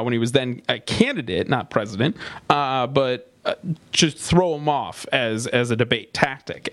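A man's voice: mid-range voice, a bit bright, dry recording. A man hosting a political talk podcast in a casual, indignant way, with frequent fillers and restarts. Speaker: podcast host.

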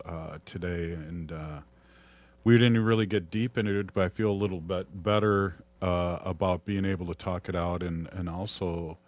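A man with a Minnesotan accent hosting a talk show, speaking haltingly with many fillers. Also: deep voice, darkish tone. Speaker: host. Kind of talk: reflective podcast conversation.

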